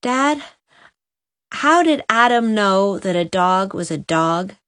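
A woman's voice: mid-range voice, animated, takes it slowly, fairly bright tone, clean tone. A woman voicing an eager, tender-hearted young boy in a storybook reading. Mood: excited. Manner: eager, breathless pleading.

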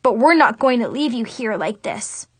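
Woman playing a squealy high teen girl, bubbly best friend, dry close read. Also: lively intonation, normal speed, slightly rough, no room sound. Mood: caring.

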